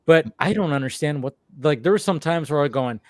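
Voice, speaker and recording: A man's voice: a little high, expressive, quick pace, a little mellow, no echo. Profane rambling man, dry sound. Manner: rambling, profane, repeats himself. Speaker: host. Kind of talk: casual film discussion.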